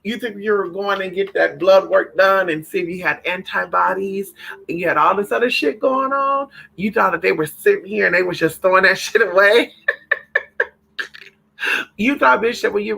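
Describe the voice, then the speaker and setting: A man hosting a spiritual livestream, chatting casually with viewers in an animated, profane way, calling them honey and girl. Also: sits high, normal speed, vocal fry, rough recording.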